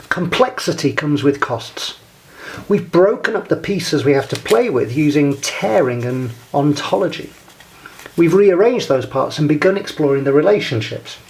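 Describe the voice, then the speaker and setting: A man presenting a scripted instructional talk, speaking in a measured, deliberate way and guiding the listener step by step. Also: a little high, gravelly.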